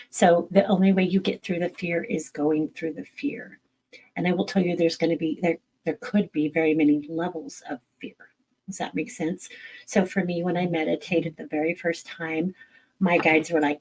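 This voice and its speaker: Gravelly, husky woman talking frankly. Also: lowish voice, normal speed, a little mellow, rough recording. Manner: candid, blunt, swears casually, laughs at herself. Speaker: medium answering viewer questions. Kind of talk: casual live-stream Q&A.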